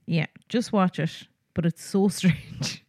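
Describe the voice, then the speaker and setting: A woman's voice: fairly low pitch, slow, a little mellow, dry recording. A young woman co-hosting a podcast in casual chat, talking on in a loose way with frequent laughs and sentences she leaves unfinished. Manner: chatty, laughs often, trails off mid-sentence. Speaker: podcast co-host.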